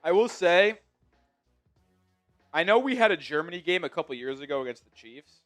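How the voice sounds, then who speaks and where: A man with a New York accent hosting a live sports stream, chatting excitably and swinging from mumbles to shouts. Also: a little high, moderate pace, soft background music. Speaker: sports show host.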